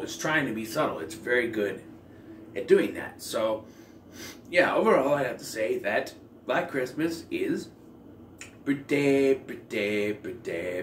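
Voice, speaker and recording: Reviewing films on his channel, a man rambles conversationally, filling gaps with fillers and correcting himself often. His voice is medium-pitched and fairly bright, picked up by a distant mic in an echoey room with faint ambient noise.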